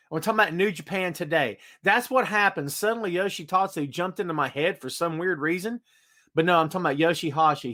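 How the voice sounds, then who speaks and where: A man's voice: a little high, sharp tone. Chatty man hosting a wrestling stream. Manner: chatty, greets viewers by name. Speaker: podcast host. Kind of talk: casual live-stream chat. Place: home studio room.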